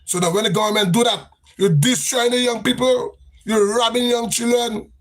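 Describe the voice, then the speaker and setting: A man's voice: very high-pitched, fairly even intonation, normal speed. A man with a Grenadian accent giving an impassioned, repetitive political rant on a livestream. He talks with a sing-song cadence. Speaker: livestream host.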